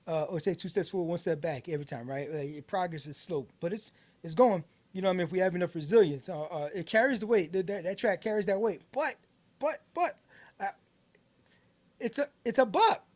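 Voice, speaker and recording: A man's voice: high voice, fairly quick, a little mellow. A middle-aged American man hosting a casual album review podcast, talking in a loose, rambling way with many fillers and restarts. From United States. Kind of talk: casual music review talk.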